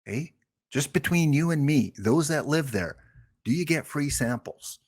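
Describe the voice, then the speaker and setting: A man's voice: fairly high pitch, lively intonation, measured pace, darkish tone, slightly rough. A man streaming a game live, chatting and joking with his viewers. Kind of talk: casual live-stream chat.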